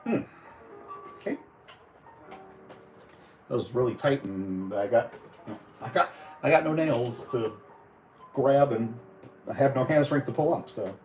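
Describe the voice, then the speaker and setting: A man's voice: mid-range voice, expressive, unhurried, long pauses, darkish tone, soft background music, low-quality recording. A man casually reviewing toys on a live stream, rambling and chatty with lots of fillers. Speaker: toy reviewer.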